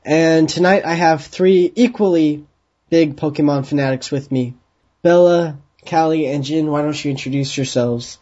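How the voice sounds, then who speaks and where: A man's voice: fairly high pitch, moderate pace, mellow. A man hosting a podcast in a casual, teasing way. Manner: teasing, joking. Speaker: podcast host. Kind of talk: casual chat. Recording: dull lo-fi voice chat.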